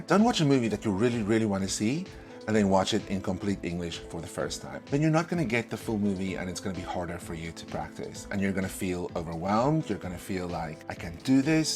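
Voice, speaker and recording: A man with a notably deep voice coaches students for speaking tests in a relaxed video lesson. He leans hard on key words, repeats them for effect and lets his pitch swoop up for stress. Soft music plays faintly behind him. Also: quick pace. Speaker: English speaking test tutor.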